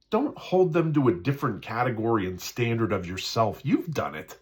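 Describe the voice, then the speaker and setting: A man's voice: mid-range voice, very animated, normal speed, few pauses. A man in a casual spiritual talk, speaking conversationally, repeating himself, often asking "right?" and acting out the voices in people's heads. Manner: acts out quoted inner voices.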